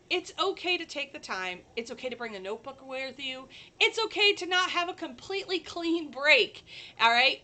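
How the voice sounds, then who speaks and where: Bubbly high-voiced woman crafting host. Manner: bubbly, animated, talks straight to viewers. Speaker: craft live-stream host. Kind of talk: chatty live-stream crafting demo.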